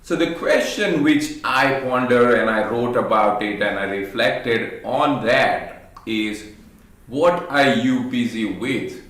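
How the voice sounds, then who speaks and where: A man reflecting on a family story in a slow, unhurried monologue, often pausing to gather his thoughts. His pitch sits in an ordinary middle range. The room gives his voice a strong, hollow echo. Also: a bit bright. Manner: slow, thoughtful, with hesitant fillers. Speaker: parent telling a personal story. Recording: very echoey room.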